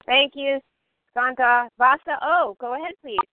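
Higher-voiced woman chairing, dry phone sound. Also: no room sound. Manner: brisk, polite. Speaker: meeting leader. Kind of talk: calling on speakers. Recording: dry tinny phone line.

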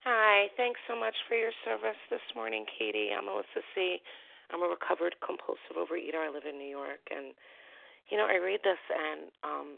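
A woman sharing at a recovery meeting, speaking haltingly as she searches for words. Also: lowish voice, lively intonation, vocal fry, slight background noise. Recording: dry phone line.

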